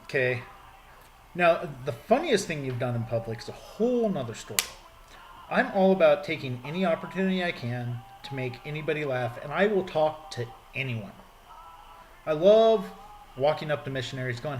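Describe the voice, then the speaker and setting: A man's voice: fairly high pitch, lively intonation, moderate pace. A man with a slightly raised voice tells jokey stories in a casual chat. There is faint hiss behind him, and his delivery stays loose and playful.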